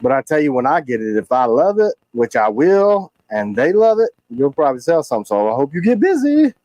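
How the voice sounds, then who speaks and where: A man who makes knives, hosting a casual livestream and talking in a frustrated, animated way with quick asides. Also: a little high, no echo, highs cut off. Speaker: knife maker hosting a livestream.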